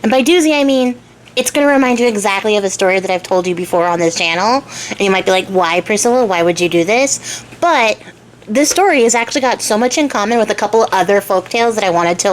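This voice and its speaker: A woman's voice: medium pitch, slight background noise. A young adult woman hosting a casual storytelling vlog, retelling a folk tale with chatty, irreverent asides. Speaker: storyteller and craft channel host.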